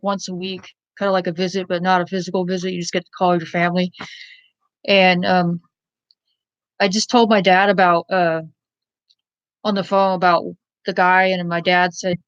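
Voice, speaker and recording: A woman's voice: mid-range voice, dry recording, highs cut off. A woman casually telling a personal story in a blunt, rambling way, with many fillers and some swearing.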